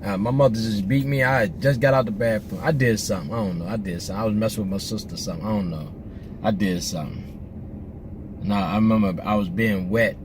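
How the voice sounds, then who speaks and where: Speaking fast in a fairly low register, the vlogger rambles through casual, humorous stories from behind the wheel. His easygoing delivery is packed with slang and false starts, set against a noisy backdrop.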